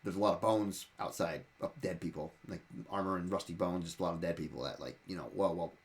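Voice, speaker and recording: A man's voice: low voice, fast talker. A man in casual talk sharing advice as a dungeon master, rambling and often repeating and restarting his words.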